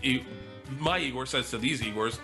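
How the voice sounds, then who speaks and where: Brief: bright, energetic male comic, profane storyteller who acts out the other people in his tales. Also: mid-range voice, normal speed, faint music behind. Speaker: comedian telling a story. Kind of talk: stand-up storytelling.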